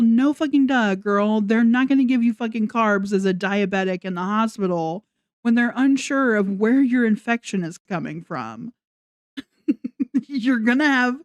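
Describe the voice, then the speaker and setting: A woman's voice: fairly high pitch, dry recording, highs cut off. A woman ranting in a casual commentary vlog, sarcastic and mocking, swearing often. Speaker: commentary vlogger.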